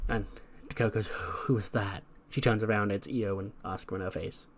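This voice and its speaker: A man's voice: on the low side, flat delivery, fast talker. A man casually narrating a wrestling management game run, chatty and full of fillers. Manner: chatty, filler-heavy recapping. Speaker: game commentator.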